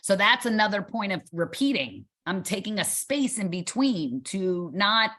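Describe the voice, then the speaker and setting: A woman guest in a casual interview, talking fast and acting out bits of dialogue as she tells her stories. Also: mid-range voice. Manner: animated storyteller acting out dialogue. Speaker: boxing gym owner, guest.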